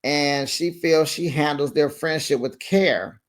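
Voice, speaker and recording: A man hosting a reality TV recap in a sassy, animated gossip style, calling people baby and honey. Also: a little high, slow. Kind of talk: casual recap commentary.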